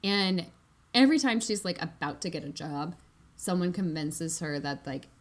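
A woman's voice: fairly low pitch, moderate pace. A woman in casual chat, retelling a book and reading from it in a chatty way full of "like". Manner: chatty, fillers of "like", laughing.

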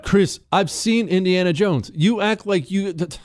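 A man's voice: measured pace, dry recording. A man hosting a talk radio show, ranting in a combative, sarcastic monologue and reading ad copy. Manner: combative, sarcastic, jumps between loud questions and low asides.

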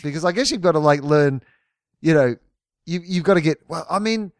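A man's voice: a little high, a little fast, clear, resonant tone, no room sound, studio quality. A man co-hosting a sports podcast, chatting casually and rambling through his questions. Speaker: podcast co-host. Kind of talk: casual chat, mock interview.

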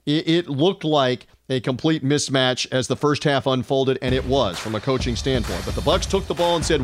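A man's voice: medium pitch, normal speed, hardly any pauses, noisy background. A man hosting a sports podcast, delivering an upbeat, run-on introduction with frequent fillers. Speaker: podcast host.

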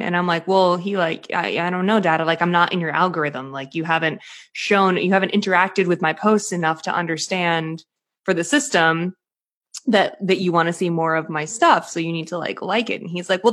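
A woman hosting a casual chat, reacting quickly and telling her own anecdotes. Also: lowish voice, a bit bright.

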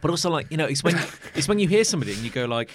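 A man's voice: fairly high pitch, sing-song, very fast, a little hiss or hum. A British man co-hosting a podcast, chatting casually with many restarts and fillers. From Britain. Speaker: podcast co-host. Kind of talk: casual comedic chat.

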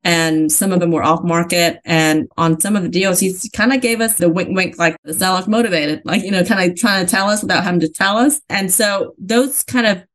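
Brief: female guest, fairly low voice, chatty storyteller, laughs easily. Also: a little fast, hardly any pauses, a bit bright. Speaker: podcast guest, real estate investor. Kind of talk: casual interview chat.

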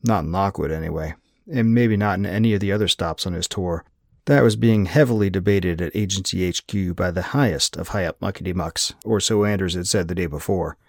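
A male audiobook narrator with a low voice tells the story in a wry, measured way. The recording is dry and close, with no room sound at all. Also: creaky, no echo. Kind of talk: scripted first-person narration.

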